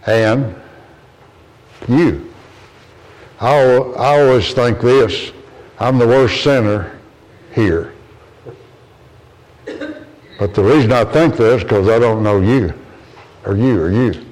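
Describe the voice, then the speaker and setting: A man's voice: slow pace, long pauses, darkish tone, low-quality recording. Earnest preacher man. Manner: earnest, storytelling, rises in pitch when quoting others. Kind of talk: sermon.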